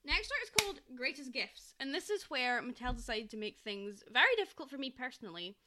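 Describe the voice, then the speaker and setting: High, lively young woman podcaster. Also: a little fast, heavy background noise. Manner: expressive, swears casually, acts out mock quotes. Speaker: podcast co-host. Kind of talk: casual chat.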